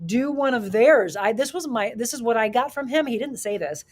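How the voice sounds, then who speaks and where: A woman's voice: a little high, animated, normal speed, a little mellow. A middle-aged woman hosting a live talk show, speaking emphatically with rhetorical questions and reading viewer comments. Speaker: show host.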